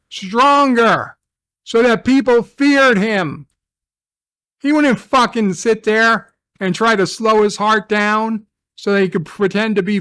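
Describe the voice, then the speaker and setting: A man's voice: sits high, bright, forceful tone, smooth, no room sound. A man ranting in an angry review, swearing constantly and venting his frustration.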